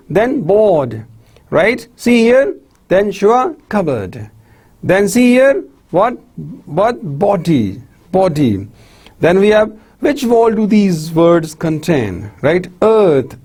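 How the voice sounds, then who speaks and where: A male lecturer with a Pakistani English accent reads out pronunciation examples one word at a time. His voice sits high, is a little husky, and moves at an unhurried pace. He calls his listeners "my dear students.". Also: darkish tone. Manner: drills example words with frequent "right?" and "see". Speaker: university lecturer.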